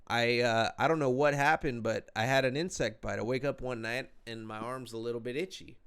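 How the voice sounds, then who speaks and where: A young man telling a story on a podcast, swearing constantly and acting out every beat. His voice is smooth and clean, pitched in an ordinary middle range, and he talks in loose, rambling casual chat. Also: a little fast. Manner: profane, animated storyteller. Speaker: podcast co-host.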